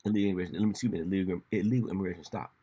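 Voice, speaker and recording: A man hosting a casual solo commentary show, rambling and animated, often slipping into mocking voices when he quotes people. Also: low voice, racing, husky, highs cut off. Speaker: podcast host.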